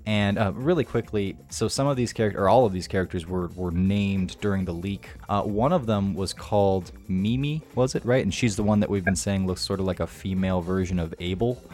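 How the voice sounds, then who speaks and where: A man's voice: low voice, brisk, hardly any pauses, darkish tone. A man co-hosting a casual chat show about video games, rambling and correcting himself, a little tired. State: sleep-deprived. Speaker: podcast co-host.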